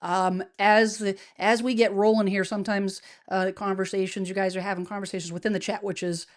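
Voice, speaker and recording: Upbeat woman livestream host, chatty, loose, full of fillers and false starts, mid-pitched. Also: level tone, brisk. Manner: chatty, upbeat, many fillers and restarts, laughs often. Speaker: livestream host, real estate advisor. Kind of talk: casual livestream chat. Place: home studio, indoors.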